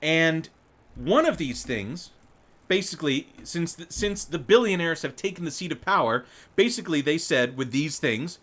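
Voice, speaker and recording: Male host, live political commentary, lively swooping pitch, laughs and swears, rambling asides. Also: moderate pace. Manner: reads news aloud and breaks in with commentary. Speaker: show host.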